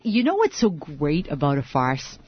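A woman in her sixties, an actress interviewed as a guest, talking in a lively, self-deprecating way with frequent laughs. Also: low-pitched, normal speed, husky, no room sound, highs cut off. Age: 60s. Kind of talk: interview conversation.

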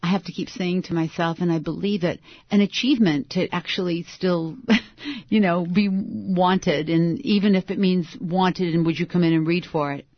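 A woman's voice: on the low side, moderate pace, no room sound. Actress guest, woman, 60s, chatty and self-mocking, dry, dull-toned recording. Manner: lively, laughing, self-deprecating. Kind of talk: interview conversation.

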